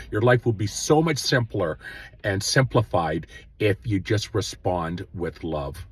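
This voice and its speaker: A man hosting his own show, giving earnest spiritual self-help advice in a casual way, with many pauses and fillers. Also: fairly low pitch, lively intonation, slightly rough, no room sound. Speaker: host.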